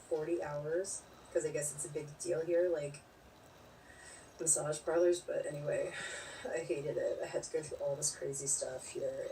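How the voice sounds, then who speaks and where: Low-voiced woman in her 40s rambling to her stream chat, blunt, swears a lot, mic kinda far off. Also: mellow. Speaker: live streamer. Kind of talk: casual chat reading viewer comments. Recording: distant mic with faint background noise.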